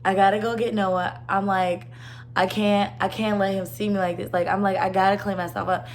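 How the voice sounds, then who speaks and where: A woman's voice: mid-range voice, flat delivery, normal speed, slight background noise. A young woman at home, telling a personal story in a rambling, earnest way full of "like". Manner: rambling, earnest, heavy use of "like". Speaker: vlogger. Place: her own home.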